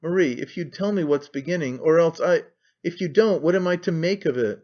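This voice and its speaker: A man's voice: on the high side, brisk, close to an everyday voice. A man reading aloud who voices an anxious, devoted young man, flustered and pleading, in a dull lo-fi recording. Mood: pleading, alarmed.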